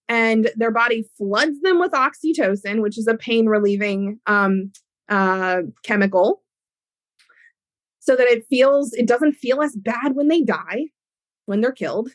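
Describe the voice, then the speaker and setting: A woman with a fairly high voice teaches on her podcast, walking listeners through ideas with lively, everyday examples. The sound is close and dry, with no room around her. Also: dry recording. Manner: animated, explains with everyday examples. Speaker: podcast host and educator.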